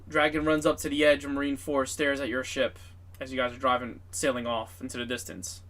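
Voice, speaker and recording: A man's voice: medium pitch, steady tone, a little fast, sharp tone. A man narrating a tabletop game as game master, in a casual, filler-heavy, profane way.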